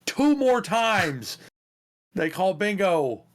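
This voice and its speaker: Animated, swearing man telling a story. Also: high voice, very slow. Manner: animated, profane, laughs through his stories. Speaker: podcast co-host. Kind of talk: casual storytelling chat.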